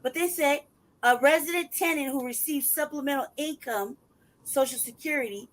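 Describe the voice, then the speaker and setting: A man's voice: very high voice, moderate pace, fairly bright tone, a little hiss or hum, poor audio. A man hosting a casual livestream who talks in a heated, profane way and reads paperwork aloud in a mocking tone. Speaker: livestream host.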